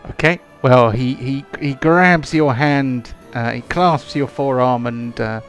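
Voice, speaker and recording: A man's voice: medium pitch, slow pace, faint music behind. A man narrating as game master of a tabletop game, rambling with many fillers.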